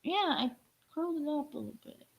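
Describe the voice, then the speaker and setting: Woman, 30s, co-host, playful chat, high, lively pitch. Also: brisk, vocal fry. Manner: playful, giggly. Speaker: stream co-host. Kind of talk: casual joking chat.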